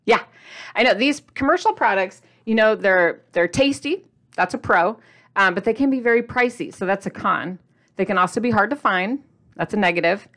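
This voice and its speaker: A middle-aged woman chatting to camera as a diet vlogger, animated, asking viewers questions and laughing often. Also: medium pitch. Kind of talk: casual chat to camera.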